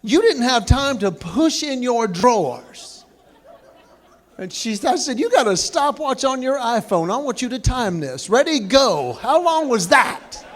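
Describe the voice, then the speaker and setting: At a banquet indoors, a man gives a humorous speech, telling stories and acting out the quotes. His voice is extremely high-pitched and sing-song, and he takes his time.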